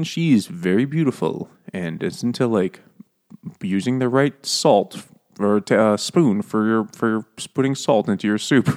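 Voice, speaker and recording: Low-voiced man rambling about a book. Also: darkish tone. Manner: rambling, profane, laughing. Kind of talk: casual book discussion.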